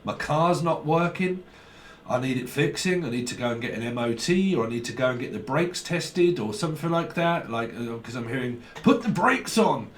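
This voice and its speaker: A man's voice: medium pitch, fairly quick. A man giving a casual, rambling tarot reading, chatty and laughing often, swearing freely as he talks. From United Kingdom. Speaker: tarot reader. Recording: roomy echo with faint background noise.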